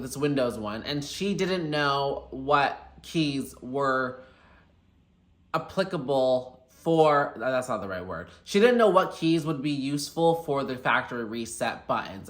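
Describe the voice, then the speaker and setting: A young man chatting through a casual storytime vlog, animated and quick to quote people. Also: mid-range voice. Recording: echoey room.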